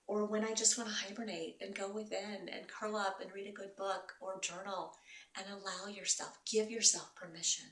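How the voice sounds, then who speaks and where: A woman host and wellness coach giving gentle, encouraging advice to her viewers. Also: mid-range voice. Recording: roomy echo, voice from a distance.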